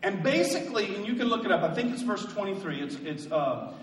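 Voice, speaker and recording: Pastor guy with a high voice preaching, echoey church sound from a ways off. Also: very animated, brisk, distant mic, a little hiss or hum. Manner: rising to emphatic call-and-response preaching. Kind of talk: sermon. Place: church sanctuary.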